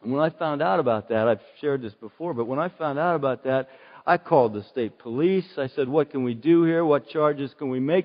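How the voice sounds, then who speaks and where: A man's voice: medium pitch, fairly quick. Preaching man in a reverberant hall. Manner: earnest storytelling, rising to emphatic outbursts then dropping to soft prayer. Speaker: pastor. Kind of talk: sermon. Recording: dull sound with long hall reverb.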